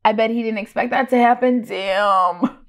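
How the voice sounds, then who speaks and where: A woman hosting a reaction video, animated and exclaiming as she comments. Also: fairly high pitch, moderate pace.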